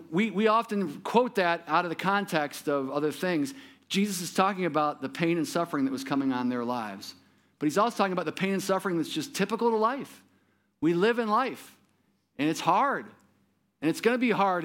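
A man preaching a sermon who speaks straight to his listeners and drops soft and low for his solemn points. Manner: repeats words when he restarts, talks straight to the listener. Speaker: pastor.

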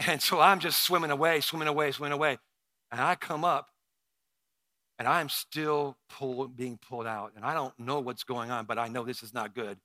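A man's voice: mid-range voice, moderate pace, pushed and bright, no echo. A man preaching a sermon, telling a personal story with emotion and frequent stammered restarts.

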